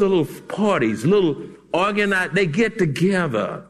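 A male pastor preaching a sermon emphatically, breaking into shouts and chuckles. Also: high voice, very animated, moderate pace, few pauses, in a large hall. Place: church sanctuary.

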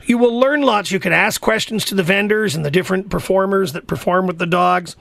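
A man's voice: high-pitched, a little fast, creaky, a bit bright, dry recording. A middle-aged man hosting a radio call-in show, upbeat and promotional, repeating phone numbers with lots of fillers. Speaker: radio talk show host. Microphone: studio microphone.

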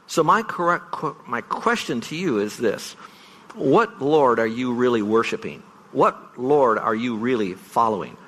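A middle-aged man pastor delivers an earnest farewell sermon, telling stories and leaning hard on single words. His voice sits at an ordinary middle pitch. A long reverb trails each phrase through a large church sanctuary. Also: a bit bright. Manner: earnest, storytelling, stresses words for effect.

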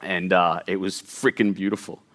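A man's voice: low voice, fairly even intonation, moderate pace, a bit bright. A middle-aged man telling an emotional personal story, earnest and tumbling, with many fillers and restarts. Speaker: guest storyteller.

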